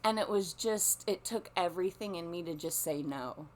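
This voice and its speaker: A woman's voice: fairly low pitch, moderate pace. A woman telling a long story in a casual monologue, rambling and profane, with lots of restarts. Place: lives on a small coastal peninsula.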